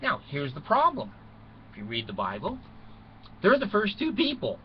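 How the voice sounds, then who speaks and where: In a muffled recording with faint noise, a man tells children a mock bedtime story in a folksy, rambling style, chuckling and going off on asides. His voice is high-pitched and swoops wildly, at a moderate pace.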